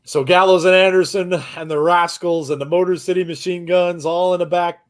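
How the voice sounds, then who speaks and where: A man co-hosting a live reaction commentary, excitable, laughing often and gushing with exclamations. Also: high-pitched, fairly quick. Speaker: co-host of a wrestling watchalong.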